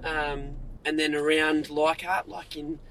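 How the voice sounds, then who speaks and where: A man's voice: on the high side, little pitch movement, slow, a bit bright, slight background noise, low-quality recording. A young Australian man chatting as a passenger in a car, enthusiastic and full of slang, laughing often. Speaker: passenger, student and model. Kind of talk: casual chat. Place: inside a car.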